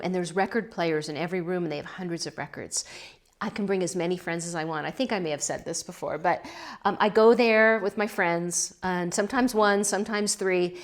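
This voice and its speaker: A middle-aged woman from California chatting casually about her pottery and a local winery, emotional and laughing as she fights back tears. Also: mid-range voice. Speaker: pottery vlogger. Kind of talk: casual chat.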